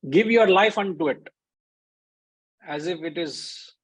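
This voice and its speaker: A man's voice: high voice, takes it slowly, breathy edge, low-quality recording. A man giving a conversational spiritual discourse as a teacher, briefly acting out the voices in his stories. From India.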